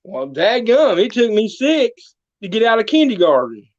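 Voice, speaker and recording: A man's voice: sits high, very animated, moderate pace, dull audio. A man telling a comedic folksy story as a guest, drawling and full of country sayings.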